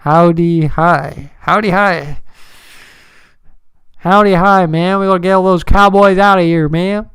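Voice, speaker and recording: A man's voice: high voice, steady tone, a little slow, a bit bright, clean tone, no echo, studio quality. A man putting on the voice of a rowdy, boastful cowboy with a Texan twang.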